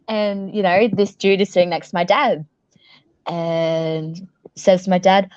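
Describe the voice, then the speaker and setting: A woman's voice: lowish voice, steady tone, unhurried, a little mellow, clear, resonant tone, no room sound, muffled recording. A young Australian woman, a professional wrestler being interviewed, tells stories casually, laughing often and swearing freely.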